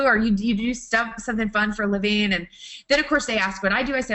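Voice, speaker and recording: A woman's voice: mid-range voice, big pitch swings, quick pace, bright, forceful tone. A woman speaking as a guest photographer in a webinar talk, chatty and enthusiastic, often restarting her sentences.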